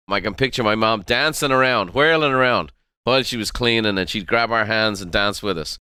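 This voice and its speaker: A man's voice: on the low side, brisk, pushed and bright, smooth, no echo, studio quality. A middle-aged man from Ireland, hosting a motivational podcast and driving home key phrases by repeating them. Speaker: podcast host and motivational speaker. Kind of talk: motivational monologue.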